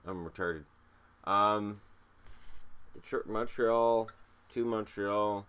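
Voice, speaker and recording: A man's voice: lowish voice, steady tone, slow pace, a bit bright, clean tone. A man with a cold, hosting a casual show-and-tell vlog, joking and mocking himself as he counts items aloud. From Canada. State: has a cold. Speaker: hockey video host.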